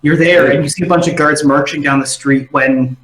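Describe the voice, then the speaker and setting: A man narrating a tabletop game as game master, animated and jumping into side characters. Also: fairly high pitch, brisk, reverberant, rough recording.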